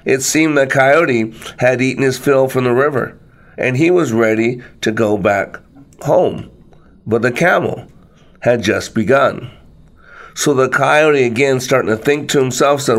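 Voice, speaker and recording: A man telling a folktale aloud, with an animated, dramatic manner of narration. His voice rests at an ordinary middle pitch for a man. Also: unhurried. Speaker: storyteller. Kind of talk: folktale storytelling.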